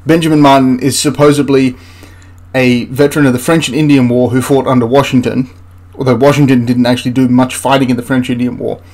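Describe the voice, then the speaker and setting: A man's voice: mid-range voice, little pitch movement, a little fast, darkish tone. A man hosting a history channel, ranting through a film critique in an exasperated, rambling way with frequent restarts.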